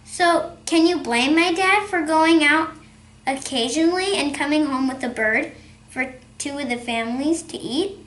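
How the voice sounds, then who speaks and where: Slow high-voiced woman reading aloud. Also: fairly bright tone, roomy sound. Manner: measured, storytelling. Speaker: narrator. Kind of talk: reading a children's novel aloud.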